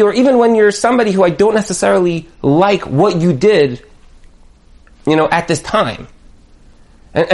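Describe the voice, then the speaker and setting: High-voiced man giving a lively Torah talk. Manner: animated storyteller, acts out quoted voices. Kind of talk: Torah talk with personal stories.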